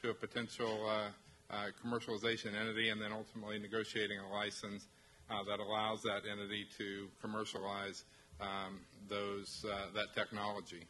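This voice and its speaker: A man from a university technology transfer office presenting to faculty, halting, with many restarts and fillers. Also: lowish voice, monotone, sharp tone, a little hiss or hum, low-quality recording.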